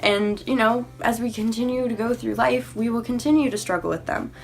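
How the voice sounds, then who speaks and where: A woman's voice: fairly high pitch, a little fast, gravelly, faint music behind. A young woman talking sincerely to her viewers about faith and insecurity, in a casual way with many fillers. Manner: sincere, uses many fillers like "you know" and "like". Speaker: faith vlogger. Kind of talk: earnest encouraging talk to camera.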